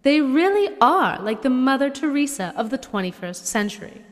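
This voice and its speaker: A woman's voice: high voice, sing-song, moderate pace, long reverb tail. A woman playing a gushing, over-the-top female awards-show co-host.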